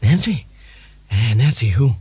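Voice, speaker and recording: A man's voice: medium pitch, very animated, mellow, breathy edge, no room sound, exaggerated voice. A man doing a doddering old American president. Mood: vague. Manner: slow, hesitant, vague.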